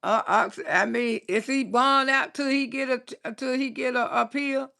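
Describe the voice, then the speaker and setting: On a casual live stream, a comedian in her sixties reads viewer comments, blunt and salty, laughing often while she tells stories and scolds. Her high voice is creaky yet smooth, bright and forceful, with fairly even intonation at a slightly slow pace.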